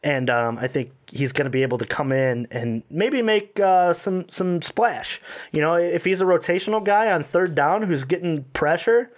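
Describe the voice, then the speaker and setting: A man co-hosting a casual sports podcast, talking in a rambling, animated way and often correcting himself. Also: fairly high pitch, normal speed. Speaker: podcast co-host.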